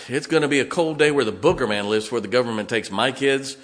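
An older man preaches from the pulpit in a folksy, plain-spoken way, mixing stories with questions to the congregation. His voice sits at a middle pitch and carries a long reverb from the church hall around him. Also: fast, hardly any pauses, a bit bright. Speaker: pastor. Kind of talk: sermon. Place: church sanctuary.

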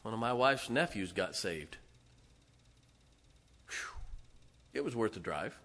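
A man's voice: on the low side, animated, slow pace, fairly bright tone. A middle-aged man preaching a sermon in a church, conversational, with asides and chuckles between points. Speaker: pastor.

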